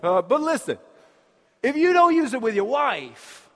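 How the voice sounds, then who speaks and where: A male preacher giving a lively, humorous sermon, often breaking into laughter between points. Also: extremely high pitch, measured pace, big-room sound.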